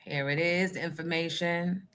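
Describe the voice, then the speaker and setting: A woman's voice: lowish voice, steady tone, moderate pace, fairly bright tone. A woman hosting a casual livestream show, speaking outspokenly and answering her chat. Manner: outspoken, talks back to the chat.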